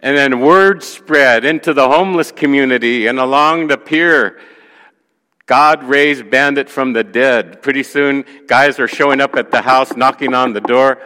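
Bright-voiced preacher in a reverberant hall. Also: male voice, medium pitch, moderate pace, hardly any pauses. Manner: animated storyteller who acts out quoted voices. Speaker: pastor. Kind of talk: sermon storytelling.

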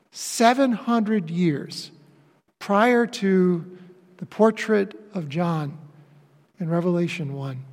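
A man with a high voice preaches a sermon in a church sanctuary, slow and deliberate. He leans on dramatic pauses and swings from ringing declarations to near-whispered phrases. His words trail off into the long reverb of the hall. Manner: emphatic, with dramatic pauses and swings from loud to hushed. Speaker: pastor.

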